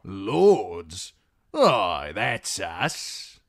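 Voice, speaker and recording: A gruff older guardsman with a gravelly edge and a sharp, bright bite, talking slowly and suspiciously, as a man plays him. The recording is dry and close. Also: low voice, huge pitch swings, no echo, full character voice. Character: older gruff male city guardsman, disapproving.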